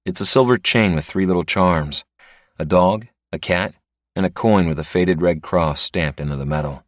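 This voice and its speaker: A man narrates a first-person story with a deep, low voice. His delivery is dry and a little wry. The recording is close and dead, with no room sound. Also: moderate pace, dry recording.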